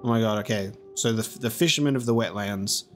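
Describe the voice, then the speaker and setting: A man's voice: fairly low pitch, a little fast. Chatty man narrating a game. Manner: chatty, self-deprecating, thinks out loud. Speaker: let's play host. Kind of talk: casual gameplay commentary. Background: game music.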